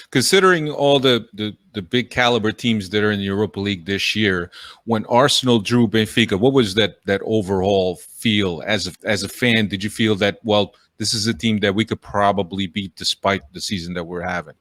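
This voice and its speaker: Male podcast host, lower pitch, measured questioning, dry close sound. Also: fairly bright tone, dry recording. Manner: measured, asks direct questions.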